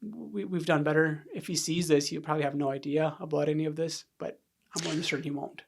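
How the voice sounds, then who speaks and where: A man speaking in a podcast interview, recounting a personal story with candid, lively delivery. His voice sits a little high for a man and has a gravelly fry. He slips into quoted voices as he tells it. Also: fast talker. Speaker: podcast guest. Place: podcast studio.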